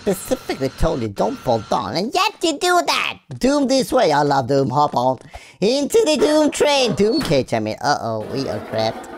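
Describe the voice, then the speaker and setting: Woman from Sweden, gameplay commentary, silly rhymes, lively swooping low voice. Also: moderate pace, background noise. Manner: playful, silly rhymes and sing-song wordplay. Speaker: gaming channel host. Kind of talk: Let's Play gameplay commentary.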